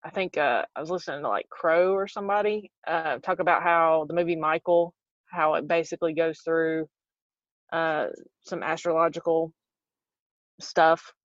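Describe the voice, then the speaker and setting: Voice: medium pitch, fairly even intonation, dry recording, muffled recording. A guest with a Southern US accent chatting casually, laughing often and poking fun at themselves. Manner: laughs often, quick and self-deprecating. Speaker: podcast guest. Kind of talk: casual conversation.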